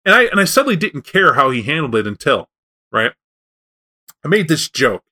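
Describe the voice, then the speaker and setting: A man talks with a bright, forward tone and a voice that sits a little high for a man. He rambles through animated stories, stumbling and restarting as he goes, in a loose podcast-style chat about tabletop gaming. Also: normal speed. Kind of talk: casual chat about tabletop role-playing.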